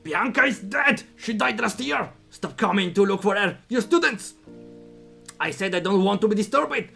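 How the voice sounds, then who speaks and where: A man's voice: sits high, lively intonation, normal speed, vocal fry, soft background music, pitched above the performer's own voice, heavily acted. Man putting on a furious drunk old man. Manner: shouting angrily.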